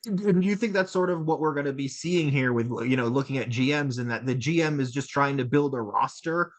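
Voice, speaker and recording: Casting note: man, mid-pitched voice, podcast co-host who poses long, winding questions. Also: fairly quick. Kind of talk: casual podcast interview.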